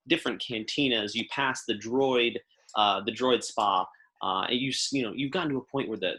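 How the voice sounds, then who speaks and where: A man's voice: medium pitch, a bit bright. A man narrating a tabletop game as game master, in loose, rambling descriptions full of fillers and restarts.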